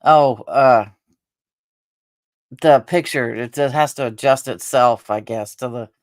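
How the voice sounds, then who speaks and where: A woman hosting a casual live stream, rambling along with halting restarts and fillers, sounding tired and drained. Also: rumbling low, a little mellow, no echo, clean studio sound. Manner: meandering, halting talk with many restarts and fillers. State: tired and drained after a stressful day. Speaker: livestream host.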